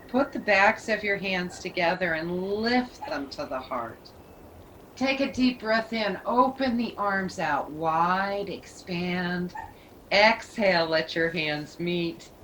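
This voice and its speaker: A woman leading a yoga class, giving calm, soothing cues. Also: on the low side, slow, a little hiss or hum, poor audio. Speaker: yoga teacher. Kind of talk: guided yoga instruction.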